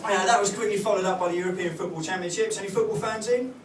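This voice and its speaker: Pitched high and steady in tone, this performer races through his material amid a noisy background. His stand-up on the club stage wanders, with frequent fillers and restarts. Recorded from afar in a roomy space, the clip carries loud audience laughter.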